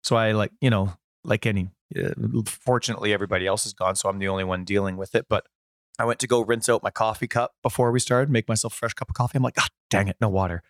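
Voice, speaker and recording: A man in his thirties co-hosting a gaming podcast, a bit hoarse, rambling casually through stories from home. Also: on the low side, fairly even intonation, fast talker, no room sound, studio quality. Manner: rambling, chatty storyteller. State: hoarse from a sore voice. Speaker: podcast co-host. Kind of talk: casual chat.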